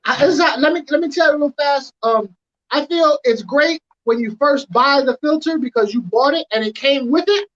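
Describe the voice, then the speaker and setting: A woman telling a long anecdote in an animated, slangy way on a casual podcast. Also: high-pitched, lo-fi sound. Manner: animated, drawn-out storytelling with slang. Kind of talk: casual podcast chat, storytelling.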